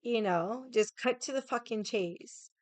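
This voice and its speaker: A woman's voice: on the high side, measured pace, no echo. Rambling, swearing young woman streamer. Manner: rambling, swears a lot, many likes. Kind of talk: casual chat with stream viewers.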